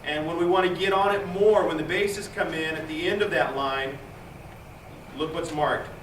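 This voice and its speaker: A man's voice: fairly high pitch, normal speed, fairly bright tone, far from the mic, slight background noise. A man directing a choir rehearsal, counting in beats and coaching with jokey asides. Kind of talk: rehearsal instruction. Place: large rehearsal room. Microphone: distant room mic. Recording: echoey room recorded from afar with choir. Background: choir singing.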